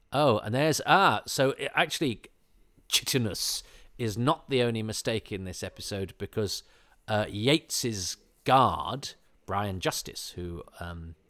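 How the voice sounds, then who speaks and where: A man with a fairly low voice talks through an episode in a loose, casual commentary. He wanders between thoughts, stumbles over restarts and fillers, and throws in wry, chuckling asides. The sound is close and dry, with no room around it. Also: fairly bright tone, no echo. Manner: rambling, hesitant, with many fillers and restarts. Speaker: podcast host.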